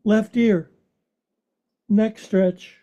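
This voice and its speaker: A man's voice: sits high, fairly even intonation, drawn-out words, dark tone. A man in his sixties leading a guided yoga class, giving instructions in a playful, joking, chatty way. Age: 60s. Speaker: yoga teacher.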